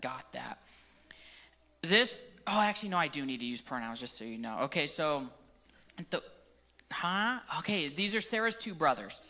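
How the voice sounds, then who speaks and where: Man preaching, bright forward voice, chatty and self-mocking before the scripture reading. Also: sits high. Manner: storytelling, joking, self-deprecating. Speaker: pastor. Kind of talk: sermon. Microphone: handheld or stage microphone.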